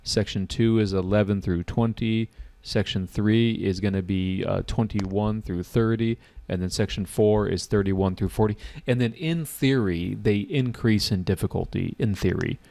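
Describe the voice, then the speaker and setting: A man's voice: on the low side, moderate pace, creaky, few pauses. A man teaching an online test-prep class, acting out confused test takers. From United States. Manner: animated, acts out test takers' reactions.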